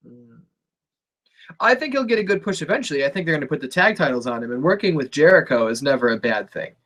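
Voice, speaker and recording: A man co-hosting a casual wrestling podcast, relaxed and profane, laughing easily. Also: a little high, fast. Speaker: podcast co-host.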